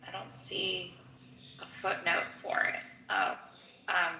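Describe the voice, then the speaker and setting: Middle-aged woman rambling thru a study lesson, lots of like and um, raspy low voice, echoey room. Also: very animated, moderate pace, pushed and bright, highs cut off, a little hiss or hum. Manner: chatty, digressive, lots of "like" and "um". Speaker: study-along teacher. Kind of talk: casual textbook walkthrough.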